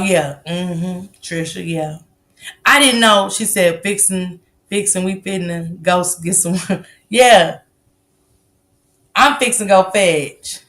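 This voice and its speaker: A woman's voice: medium pitch, fairly bright tone. A woman, chatting casually with her live-stream viewers, talking loosely, swearing freely and laughing often. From American South. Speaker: livestream host. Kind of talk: casual live-stream chat reading comments.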